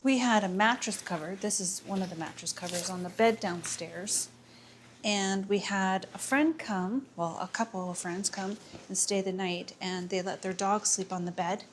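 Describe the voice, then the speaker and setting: A woman's voice: mid-range voice, moderate pace, slight background noise. A woman vlogging at home as she cleans, chatting in a rambling, self-mocking way, with a camera mic. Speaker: vlogger, housewife. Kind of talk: casual chat while cleaning. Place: home, indoors and yard.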